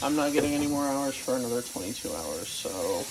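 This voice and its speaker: A young woman casually chatting in a vlog at home, tired and unhurried, swearing now and then. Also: a bass voice, lively intonation, very noisy. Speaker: vlogger, truck driver.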